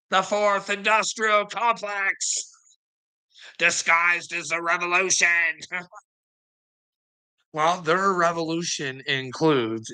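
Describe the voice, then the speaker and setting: A man's voice: on the high side, bright, forceful tone, smooth, poor audio. A man rambling casually to his livestream chat, swearing a lot and chuckling often between phrases. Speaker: livestream host talking to chat.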